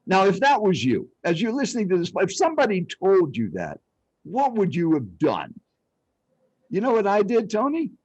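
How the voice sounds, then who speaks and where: A man's voice: sits high, moderate pace, slightly rough, no echo, dull audio. An older man, a speech coach, telling dramatic personal stories as an interview guest. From Arizona, United States. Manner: animated, dramatic storyteller. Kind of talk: storytelling interview.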